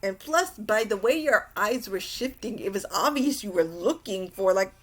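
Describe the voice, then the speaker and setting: A woman's voice: mid-range voice, lively intonation, normal speed, natural voice. A woman voicing a smug young male detective in a theatrical, self-satisfied way while recapping a story.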